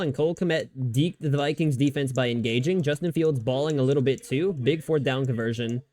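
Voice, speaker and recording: A man streaming live, chatting casually and rambling about football, often restarting his sentences and swearing freely. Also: on the high side. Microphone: desk microphone.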